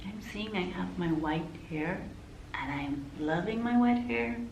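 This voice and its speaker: The audio is poor, roomy and a bit hissy as a woman from Argentina, a counselor and vlogger with an Argentine Spanish accent, chats to the camera from an indoor room that isn't her usual spot. Her lowish voice is gravelly, a little mellow and slightly slow, with lively intonation, and she laughs a lot and makes apologetic asides.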